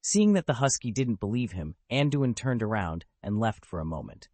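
A man's voice: lowish voice, sing-song, moderate pace, a little mellow, no echo. A man narrating a web novel as an audiobook, telling the story steadily.

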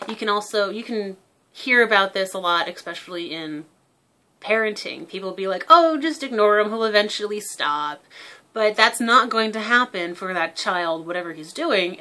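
Young woman, bright sharp voice, chatty vlog explaining stuff with examples. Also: mid-range voice. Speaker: parrot owner giving behavior tips.

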